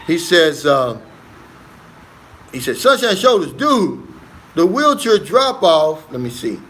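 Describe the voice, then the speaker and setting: A man's voice: on the high side, sing-song, slow pace, a bit bright. A man hosting a casual livestream on his phone, reading viewer comments aloud and answering them in an earnest, easygoing way. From United States. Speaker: livestream host.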